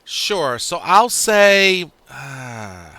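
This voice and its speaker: A man running a tabletop game as game master, pausing often as he works out rulings for the players. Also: a little high, big pitch swings, sharp tone, no room sound. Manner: halting, full of fillers and restarts while deciding rulings.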